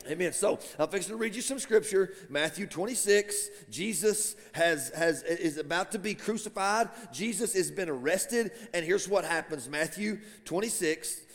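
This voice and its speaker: A man preaching a sermon as pastor, animated and building to shouts. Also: sits high, moderate pace, few pauses. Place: church sanctuary. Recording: long church hall reverb.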